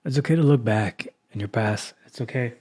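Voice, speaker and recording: A man's voice: medium pitch, brisk, darkish tone. Emotional man hosting a podcast. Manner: raw, heartfelt, motivational, with sighs. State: emotional after crying. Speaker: podcast host. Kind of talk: emotional solo podcast talk.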